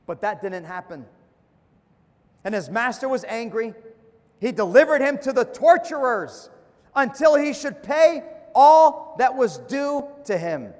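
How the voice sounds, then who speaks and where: High-voiced preaching man, reverberant hall. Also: big pitch swings, a little slow, darkish tone. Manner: preaching with emphatic drops and rises, calls for amen. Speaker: pastor. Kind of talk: sermon.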